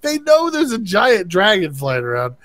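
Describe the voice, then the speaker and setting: A man co-hosting a casual show, excitedly retelling an episode and acting out the characters' lines with a laugh. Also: high voice, normal speed, dry recording. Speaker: co-host recapping an episode. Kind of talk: casual recap chat.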